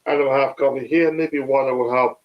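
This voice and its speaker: A man hosting a live football stream, talking casually with many fillers and restarts, his voice a little hoarse. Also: mid-range voice, steady tone, fairly quick, lo-fi sound. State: slightly hoarse.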